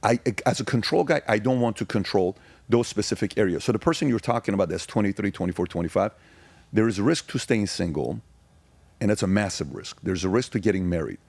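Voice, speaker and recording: A man's voice: on the low side, animated, fast talker, vocal fry, a little mellow, slightly rough, dry recording. A man in his forties from Iran, a podcast guest telling his story in an emphatic, casual way and firing off rhetorical questions.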